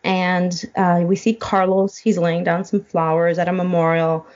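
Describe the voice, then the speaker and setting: A woman's voice: on the low side, little pitch movement, moderate pace, a little mellow, muffled recording. A woman guest in a casual chat, retelling a film plot and getting choked up as she goes. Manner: emotional, choked up while retelling. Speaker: podcast guest.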